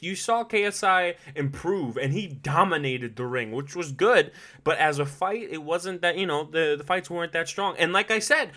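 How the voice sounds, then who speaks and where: A man hosting a podcast, talking casually on his own with lots of swearing, slang and frequent laughter. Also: a little high. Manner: animated, profane, slangy, laughs often. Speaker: podcast host. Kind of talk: casual solo commentary.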